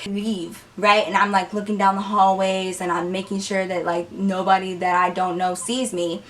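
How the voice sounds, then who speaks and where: Animated young woman telling a story. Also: mid-range voice, normal speed, distant mic. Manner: animated, lots of "like" and cursing. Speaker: vlogger. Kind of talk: casual storytelling.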